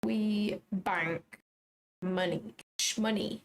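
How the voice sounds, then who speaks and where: A young woman hosting a trading livestream, chatty and excitable, swearing casually. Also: mid-range voice, very slow, rough recording. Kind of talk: casual live commentary.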